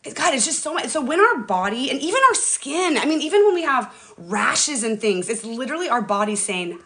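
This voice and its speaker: A woman's voice: a little high, big pitch swings, normal speed, hardly any pauses, fairly bright tone. A middle-aged woman chatting casually on her livestream, emotional and talkative, often calling out to her viewers. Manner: chatty, emotional, addresses viewers as "you guys". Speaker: livestream host. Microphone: phone or webcam.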